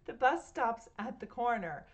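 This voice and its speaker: A woman's voice: on the high side, animated, a little slow. A woman reading a picture book aloud to children at home, playfully imitating sounds and asking her listeners questions. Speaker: storytime reader.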